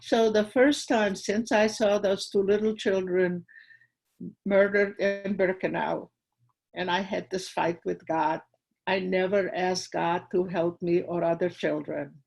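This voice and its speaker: A woman's voice: lowish voice, steady tone, a little slow, creaky, darkish tone, slightly rough, soft background music, rough recording. An older woman giving personal testimony to a school audience, retelling her memories vividly and acting out the dialogue. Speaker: guest speaker at a school.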